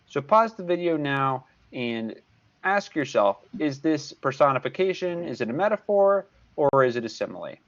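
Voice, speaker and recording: A man's voice: fairly high pitch, sing-song, normal speed, dull audio. A man in his sixties, a tutor giving a recorded video lesson, patient and repeating key points. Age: 60s. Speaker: math tutor.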